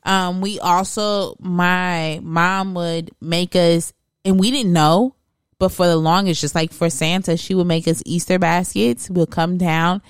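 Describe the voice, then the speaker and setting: A woman in her thirties chatting and joking casually, quick to laugh. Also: fairly low pitch, fairly even intonation, smooth, no echo, studio quality. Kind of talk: casual chat.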